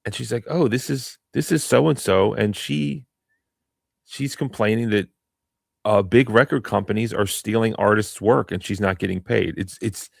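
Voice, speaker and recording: A man co-hosting a casual podcast who talks in a rambling, halting way and often breaks off mid-sentence. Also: fairly low pitch, gravelly, no room sound, studio quality. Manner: rambling, halting, self-interrupting. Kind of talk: casual chat.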